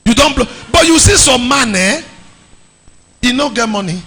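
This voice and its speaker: A man with a Nigerian accent preaching to a youth meeting, animated, slipping into pidgin and shouting or sing-song lines. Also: very high voice, normal speed, vocal fry, long pauses, husky.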